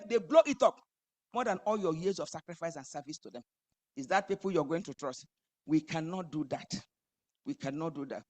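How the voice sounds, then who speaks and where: A woman preaching a sermon, building emphatically to loud high climaxes.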